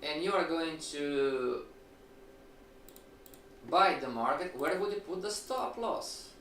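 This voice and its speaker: A fairly high-voiced man teaches a trading class with lively rhetorical questions. He sounds set back from the mic in an echoey room. A faint hiss runs under his voice. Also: slow pace, distant mic. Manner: animated, rhetorical questions, acts out students' replies. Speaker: trading instructor. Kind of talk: live-streamed lecture.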